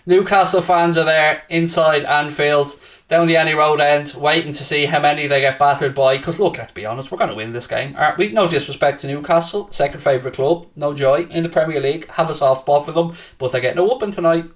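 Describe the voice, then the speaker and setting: A man's voice: on the high side, brisk, recorded from a distance. Brash, swearing man streaming. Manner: brash and profane, taunting rival fans; excitable, shouting at times. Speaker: host of a football watchalong stream. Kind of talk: casual live-stream chat, reading and answering viewer comments.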